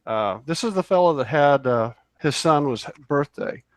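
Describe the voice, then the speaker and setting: A man's voice: on the high side, animated, normal speed, no room sound. A man co-hosting a radio show, telling a long story in a casual, rambling way, full of fillers and restarts. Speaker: co-host. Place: radio studio.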